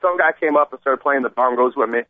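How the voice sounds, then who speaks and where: Excited man on a tinny phone line. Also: medium pitch, fast, no echo. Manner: excited, acts out quoted voices, rambling. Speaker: radio show regular telling a story. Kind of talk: animated storytelling on a radio show.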